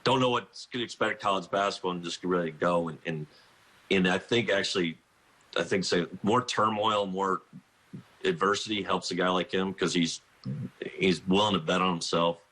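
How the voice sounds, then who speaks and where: Guest spot: middle-aged coach, deep husky voice, rambling storyteller who keeps restarting. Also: male voice, steady tone, moderate pace, bright, forceful tone. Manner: rambling, self-interrupting, laughs through anecdotes. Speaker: college basketball coach, guest. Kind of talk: phone-in radio interview, storytelling.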